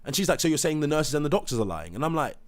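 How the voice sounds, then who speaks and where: A man's voice: on the high side, racing. Agitated man recounting, acts out voices. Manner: animated, acts out others' words, swears. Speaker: parent telling his story. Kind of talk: heated live debate.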